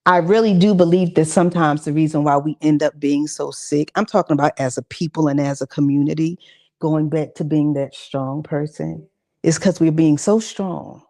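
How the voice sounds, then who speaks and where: A woman speaks at a church gathering about mental health, her voice carrying a gravelly, fry-tinged edge. She talks in a conversational, encouraging way and keeps turning to the listeners with casual asides. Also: low-pitched, fairly even intonation, moderate pace, darkish tone. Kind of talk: church talk session. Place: church gathering with audience responses.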